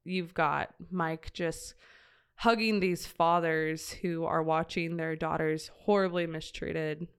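A woman appears as a guest and earnestly shares a heartfelt story from a mission trip, reflecting as she talks in conversation. She uses many fillers and restarts. Her voice is deep and smooth, with fairly even intonation and a slow pace.

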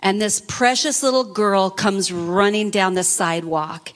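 A woman preacher telling a personal testimony in an expressive, fervent sermon style. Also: mid-range voice, measured pace.

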